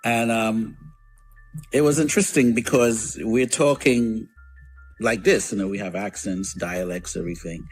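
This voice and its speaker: A man's voice: on the low side, fairly even intonation, unhurried, faint music behind. A man hosting a radio show, chatting casually and rambling through memories with lots of fillers and restarts. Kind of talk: casual storytelling chat.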